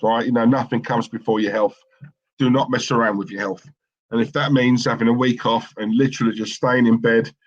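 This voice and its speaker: A man's voice: medium pitch, highs cut off. Rambling opinionated man on a live stream. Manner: rambling and opinionated, with many fillers and restarts. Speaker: co-host of a live football watchalong stream. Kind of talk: casual live-stream chat, reading out viewer comments.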